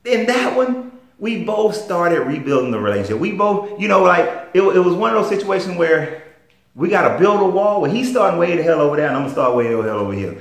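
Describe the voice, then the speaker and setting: A man's voice: high voice, very animated, a little fast. A man with a Southern US accent, a life coach telling stories in a plain-spoken, emphatic motivational monologue. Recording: roomy echo.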